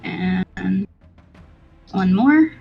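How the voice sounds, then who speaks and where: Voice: mid-range voice, animated, very slow, gravelly, breathy edge, lo-fi sound, soft background music. A player in a tabletop game describing their character's attack in a laid-back way. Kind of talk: casual tabletop game chat.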